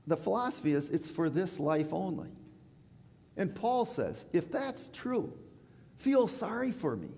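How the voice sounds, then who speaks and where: A man preaching a sermon in a church, conversational and animated, acting out quoted voices. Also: high voice, measured pace, creaky. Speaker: pastor. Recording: church hall reverb.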